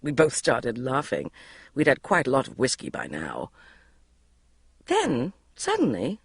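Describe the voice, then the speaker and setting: A woman's voice: measured pace, long pauses, slightly rough, no room sound. Woman, audiobook narration, wry diary voice, swooping intonation, dry close sound. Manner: wry, highly expressive reading.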